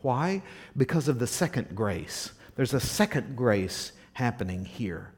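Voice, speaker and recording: Male pastor, sermon delivery, very lively pitch, rhetorical questions, dramatic volume drops. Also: measured pace, breathy edge. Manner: dramatic swings from loud emphasis to hushed near-whispers, rhetorical questions.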